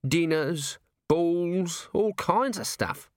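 A man's voice: on the high side, animated, extremely slow, dry recording, studio quality, pitched above the performer's own voice. A man voicing a scruffy, cheeky young city watchman with whiny, streetwise, common speech. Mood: eager.

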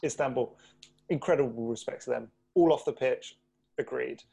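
A man's voice: mid-range voice, normal speed, creaky, mellow, breathy edge. A man co-hosting a podcast in casual chat, talking in an indignant, emphatic way. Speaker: podcast co-host.

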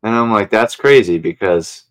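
A man's voice: on the low side, moderate pace. A young man co-hosting a podcast in casual chat, hesitant, with many you-knows and ums. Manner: hesitant, lots of you know and um. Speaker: podcast co-host.

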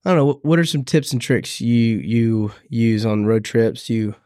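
A man co-hosting a podcast, chatting casually in a hesitant, halting way. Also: mid-range voice, a little mellow, dry recording, studio quality. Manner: hesitant, halting, many restarts and fillers. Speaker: podcast co-host. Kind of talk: casual chat.

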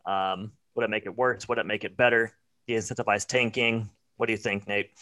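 A man's voice: lowish voice, fairly even intonation, a little fast, pushed and bright. A young man hosting a sports podcast, chatting casually and reading a listener question. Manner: upbeat, reads listener questions. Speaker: podcast co-host.

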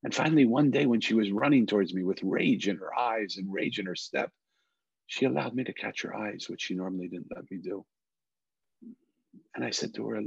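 A middle-aged man, an interview guest, telling a personal story earnestly with halting restarts, in a dull lo-fi recording. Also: lowish voice, vocal fry, slightly rough, no echo.

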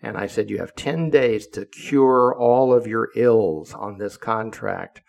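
A man's voice: lowish voice, takes it slowly, vocal fry, hardly any pauses, a little mellow. A man telling a story from his own working life in a casual, blunt way, cursing freely and pressing hard on his own quoted words. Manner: blunt, profane, emphatic when quoting himself. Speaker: contracting professor telling a story. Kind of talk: casual first-person storytelling.

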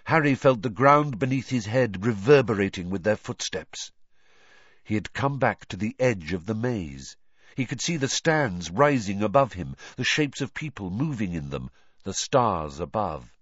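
Man reading a story with lively expression. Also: lowish voice, measured pace, dry recording, lo-fi sound. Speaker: narrator. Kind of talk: audiobook narration.

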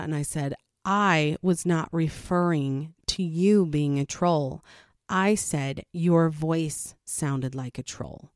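A woman's voice: deep voice, slow pace, no echo, clean studio sound. A woman, a mother, giving frank, matter-of-fact parenting advice in a casual talk. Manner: frank, matter-of-fact, with animated quoted asides. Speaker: parenting vlogger.

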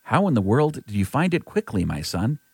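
A man's voice: medium pitch, sing-song, moderate pace, creaky, a little mellow, breathy edge, no echo, studio quality, full character voice. A man voicing an aging father giving his son a blessing, in an earnest, lightly voiced scripture reading.

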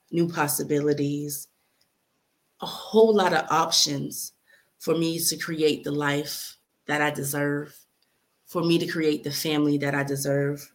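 Woman, young adult, slightly low voice, earnest, emotional spoken-word reading. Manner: earnest, heartfelt, near tears at times. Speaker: speaker reading her own letter.

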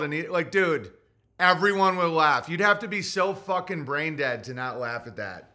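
A podcast host runs his own show as a loose, rambling comic rant, profane and provocative throughout. His voice is high for a man, bright and forceful, with lively intonation at a normal speed. He doubles back mid-sentence and piles on jokes.

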